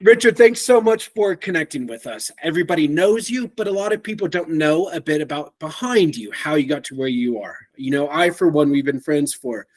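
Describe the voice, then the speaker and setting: A man's voice: fairly high pitch, animated, a little fast, hardly any pauses. A man as guest host of a podcast, interviewing a friend in a playful, enthusiastic, joking manner.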